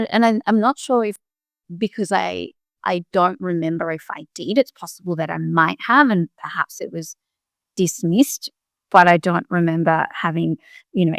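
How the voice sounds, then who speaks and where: A middle-aged woman answers interview questions, thinking aloud in short, halting phrases. Her low voice carries heavy vocal fry. The sound is dry and close, with no room around it. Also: a bit bright, no echo. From Australia. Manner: reflective, speaks in short restarting phrases. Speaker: guest, doctor. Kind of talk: interview conversation.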